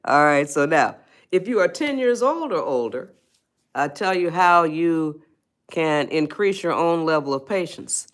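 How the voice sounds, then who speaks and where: A woman's voice: deep voice, expressive, measured pace. A woman hosting a casual live stream, chatting with viewers and coaxing them to reply. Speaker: livestream host, life coach.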